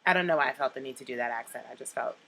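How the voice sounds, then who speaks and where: A woman's voice: rumbling low, rapid-fire, sharp tone, rough recording. A woman in her late twenties chatting casually to camera, nostalgic and rambling as she talks. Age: late 20s. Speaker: vlogger.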